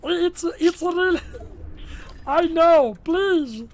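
An Italian man putting on a strange high voice in game chat, speaking slow, broken English and repeating his words. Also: full character voice. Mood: pleading. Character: man with strange squeaky high voice, pleading and earnest. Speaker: gaming YouTuber. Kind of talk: prank voice in online game chat.

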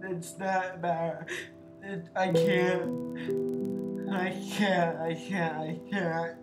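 Man, let's play commentary, very slow halting delivery, crying, echoey room, loud guitar music behind. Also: high-pitched, flat delivery. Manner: slow, halting, tearful reading. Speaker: gaming video creator.

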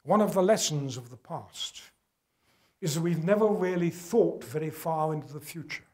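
An older man speaks to a gala audience in a measured lecture. His voice sits a little high for a man, and he leans on key words, then drops to a hush when the stakes are serious. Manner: earnest, emphatic, drops to quiet for weight. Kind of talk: public lecture with slides. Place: gala event hall.

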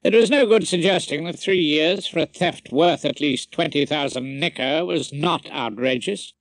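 A man reading a first-person audiobook narration in a wry, dry, expressive manner. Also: fairly high pitch, normal speed, no room sound, poor audio.

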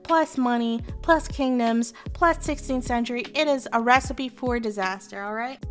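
A woman's voice: on the high side, moderate pace, few pauses, a bit bright, soft background music. A woman telling a history story in a casual, comic way, irreverent and profane, with lots of fillers. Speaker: history storyteller, virtual streamer.

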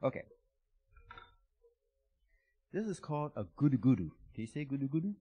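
A man's voice: mid-range voice, big pitch swings, very fast, breathy edge, muffled recording. A man giving a playful children's talk at a church service, asking the kids lots of questions. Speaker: guest speaker giving children's blessing. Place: church sanctuary.

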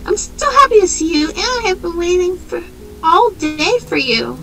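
A woman's voice: very high voice, big pitch swings, normal speed, creaky, fairly bright tone, faint music behind, heavily acted. Elizabeth, a woman voicing a sweet ghost wife. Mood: tender. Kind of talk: fan voice dub of a game.

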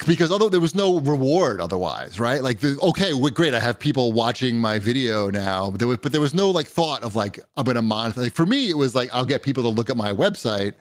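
Chatty man guest, mid-pitched voice. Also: no room sound, studio quality. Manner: rambling, conversational, frequent 'you know'. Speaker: podcast guest. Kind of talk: casual chat.

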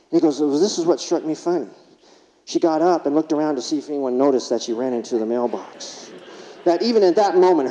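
A man's slightly high, warm voice delivers a keynote in a large conference hall, where he recounts amusing anecdotes and asks listeners rhetorical questions. The recording sounds distant, with dull hall reverb.

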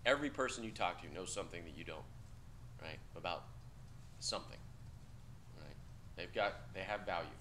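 A man's voice: low voice, moderate pace, pauses often, bright, forceful tone, a little hiss or hum. A man teaching a class, talking bluntly and casually with profanity, quizzing students in a discussion. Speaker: instructor.

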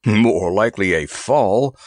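A man voicing a pompous, grumpy male elephant in a storybook, with a gruff, sarcastic, grumbling manner. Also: on the low side, animated, takes it slowly, no echo, studio quality. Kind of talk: audiobook character voice.

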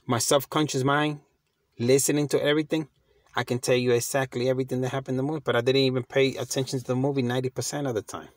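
Fast and fairly flat in pitch, this mid-range male voice comes through with no echo. A middle-aged motivational vlogger, he's slangy and conversational, emphatic, and restarts his phrases with repetition.

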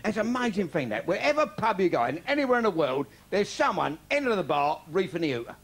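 A man's voice: sits high, very animated, fast talker, gravelly, a bit bright, breathy edge. An older man from London with a Cockney accent, delivering a bawdy stand-up comedy routine in punchy one-liners. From London, England.

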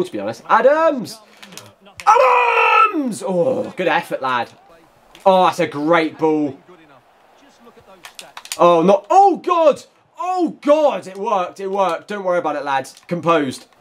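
Young guy yelling and joking over his football game, high lively voice that jumps all over. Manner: excitable, banters at opponents, bursts into shouts and laughter. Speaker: gaming YouTuber. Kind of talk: live gameplay commentary.

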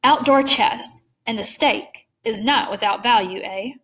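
A woman's voice: on the high side, measured pace, a bit bright. A woman reading aloud voices a suave, menacing older male general with polished, amused courtesy. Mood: courtly.

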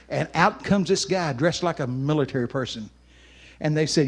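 A man preaching at a camp meeting with a fairly high voice. He tells his story with great animation, sometimes breaking into shouts and laughter. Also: brisk. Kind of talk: storytelling sermon.

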